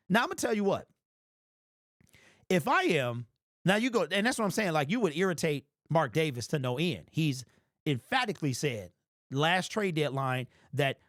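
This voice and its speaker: A man talks sports in a loose, animated monologue, addressing his viewers directly and hammering his points with repetition. His voice sits somewhat high for a man, and the recording is dry and close with almost no room sound. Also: dry recording. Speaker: sports commentary channel host. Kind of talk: casual football commentary monologue.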